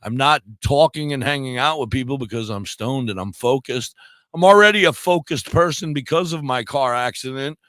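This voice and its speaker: A man's voice: mid-range voice, moderate pace, a bit bright, no room sound. A man co-hosting a casual radio chat show, blunt and rambling, with frequent swearing.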